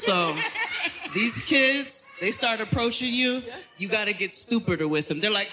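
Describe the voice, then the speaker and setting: An American woman, a guest on a live podcast show, telling brash and profane stories with deadpan bragging. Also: medium pitch, moderate pace, loud music behind the voice. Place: packed live club stage.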